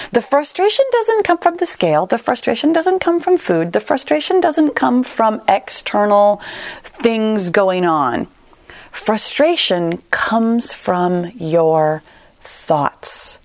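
A woman's voice: mid-range voice, dry recording. A woman coaching listeners on a solo podcast, talking in an earnest, reassuring and conversational way. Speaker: weight-loss coach, podcast host.

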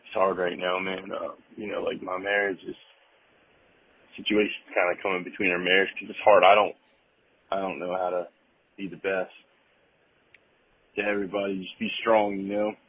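A young man calling in, halting and heartfelt, close to tears as he talks about hard times. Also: low-pitched, little pitch movement, slight background noise. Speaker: caller. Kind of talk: emotional call-in. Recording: tinny phone line.

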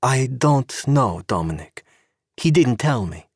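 A man's voice: mid-range voice, sing-song, takes it slowly, no echo, studio quality, pitched above the performer's own voice, exaggerated voice. A man doing a sleek teasing female spy. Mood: coy. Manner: sweet, smooth, knowing.

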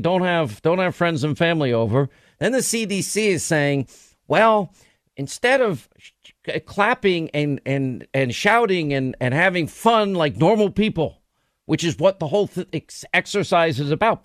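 A man's voice: on the high side, dry recording. A man hosting a talk radio show, delivering a rambling, emphatic, conversational monologue into a studio microphone.

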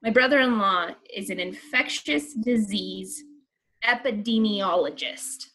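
A woman co-hosting a podcast, chatty and animated, swearing freely with plenty of fillers. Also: medium pitch, a little slow, slight background noise. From United States. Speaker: podcast co-host. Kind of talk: casual chat.

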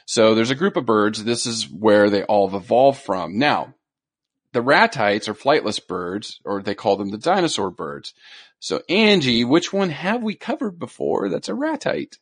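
A man's voice: medium pitch, big pitch swings, moderate pace, husky. A man co-hosting a nature podcast in casual chat, teasing his co-host and retelling stories with put-on voices.

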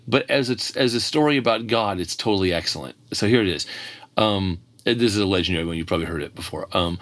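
Low-voiced man telling a story, dry sound. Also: fairly bright tone, dry recording. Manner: reflective, lightly acts out quoted voices. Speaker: podcast co-host. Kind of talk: casual conversation, telling a joke as a story.

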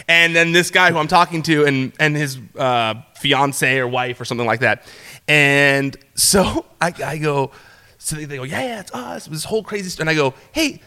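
Bright-voiced young man telling a story. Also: moderate pace, smooth. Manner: animated storyteller, acts out quotes in a higher voice, many fillers and restarts. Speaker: podcast guest, former entertainment reporter. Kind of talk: casual storytelling chat.

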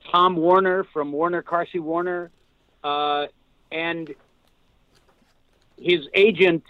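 Older male guest actor, high-ish voice, tinny phone audio; animated, rambling anecdotes. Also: no room sound. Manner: rambling, animated storyteller with restarts. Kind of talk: casual podcast storytelling.

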